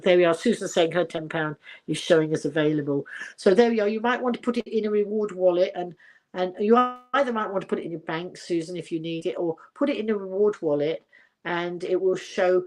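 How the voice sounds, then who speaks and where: Older woman chatting casually on livestream. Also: on the low side. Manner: rambling and chatty, many fillers and restarts; reads out viewer comments. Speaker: livestream host.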